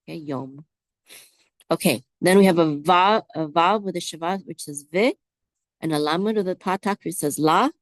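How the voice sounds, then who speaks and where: A woman with a slightly low voice teaches biblical Hebrew at a very unhurried pace. She draws out each syllable and asks her listeners to repeat after her. The sound is dry and close. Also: dry recording. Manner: slow, drawn-out repetition, prompting listeners to say words back. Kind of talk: slow, patient word-by-word Hebrew lesson.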